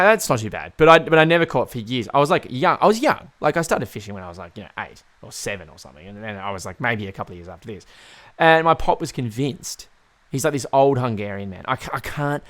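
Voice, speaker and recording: A man's voice: medium pitch, fairly bright tone. Male podcast host: loose, casual, rambling storyteller who swears and restarts sentences. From Tasmania, Australia.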